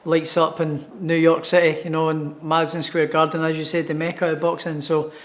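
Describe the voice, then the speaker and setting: A man's voice: on the high side, completely flat delivery, a little fast. A man with a Scottish accent, a professional boxer answering interview questions in an upbeat way and repeating words as he starts his thoughts. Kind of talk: sports interview.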